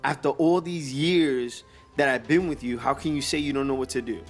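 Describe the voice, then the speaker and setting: A man retelling a scene, voicing a gruff old male boxing trainer who urgently pushes his fighter on. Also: mid-range voice, normal speed, faint music behind, pitched above the performer's own voice, lightly acted. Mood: insistent.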